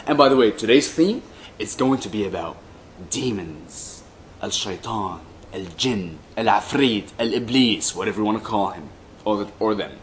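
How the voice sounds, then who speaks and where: Guy reading old texts out slow n deliberate, dry mocking comments in between, bit of background noise. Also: fairly low pitch, animated. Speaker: commentator reading hadith aloud. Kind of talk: reading texts with sarcastic asides.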